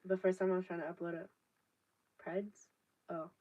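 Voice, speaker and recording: A woman's voice: fairly low pitch, little pitch movement, normal speed. A 19-year-old woman, chatting casually on a live stream, rambling with lots of fillers and casual swearing. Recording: distant, dull laptop audio.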